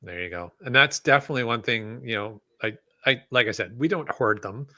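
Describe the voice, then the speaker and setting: A man co-hosting a casual podcast, musing out loud with restarts and little chuckles. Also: mid-range voice, brisk, no room sound. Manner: rambling, chuckles mid-sentence, restarts. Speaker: podcast co-host.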